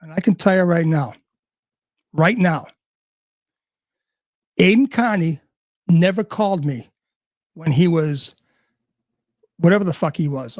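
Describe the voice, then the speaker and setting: Man, high voice, dry close sound, furious profane rant, sarcastic. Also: no echo.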